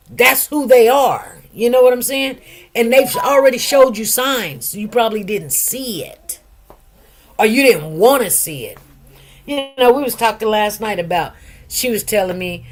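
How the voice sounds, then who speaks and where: Chatty, emphatic woman with a fairly high voice. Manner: chatty, emphatic, addresses listeners directly with frequent asides. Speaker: livestream host. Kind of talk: casual livestream monologue.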